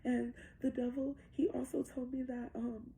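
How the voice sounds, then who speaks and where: A woman voicing her young daughter in a higher, childlike, whiny tone. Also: little pitch movement, normal speed, creaky, warm tone, low-quality recording. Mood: pleading. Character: young girl, pleading and innocent.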